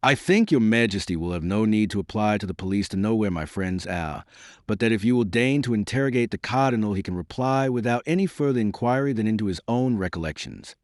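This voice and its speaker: A man reading the lines of a calm, dignified nobleman in an audiobook. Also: lowish voice, a little fast, no room sound, clean studio sound, natural voice. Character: dignified proud nobleman, calm, middle-aged.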